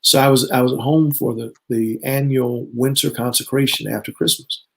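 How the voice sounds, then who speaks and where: An earnest man in his fifties recounts his own testimony as a guest bishop. His pitch sits right in the ordinary middle for a man, and he slips into remembered dialogue as he tells it. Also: fairly even intonation, moderate pace, vocal fry, a bit bright, low-quality recording. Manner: earnest storyteller who acts out remembered dialogue. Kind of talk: personal testimony in conversation.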